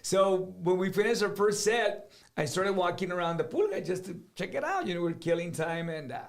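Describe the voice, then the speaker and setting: Middle-aged singer, high voice, animated storyteller who slips into Spanish. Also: male voice, normal speed, vocal fry. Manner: animated, switches between English and Spanish, acts out other people's lines. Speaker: singer, guest. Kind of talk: casual storytelling.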